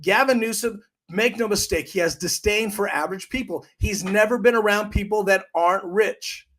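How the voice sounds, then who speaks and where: Man, high voice, podcast host, heated, emphatic, repetitive political rant. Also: normal speed, fairly bright tone.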